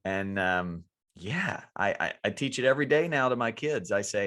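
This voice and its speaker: A man's voice: fairly low pitch, lively intonation, normal speed, fairly bright tone. Earnest man co-hosting a podcast. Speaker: podcast co-host and coach. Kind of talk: casual podcast chat.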